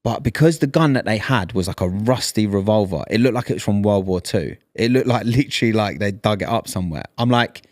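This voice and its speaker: Low, dry, animated man, casual storytelling chat, podcast co-host. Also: brisk, few pauses, no echo. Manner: animated storyteller, acts out quoted lines.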